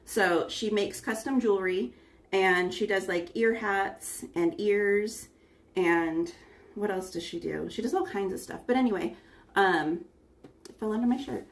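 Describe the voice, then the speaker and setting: Far from her phone's front camera, an American woman hosts a casual cooking stream, chatting and welcoming each viewer by name. She speaks at a measured pace in a medium pitch.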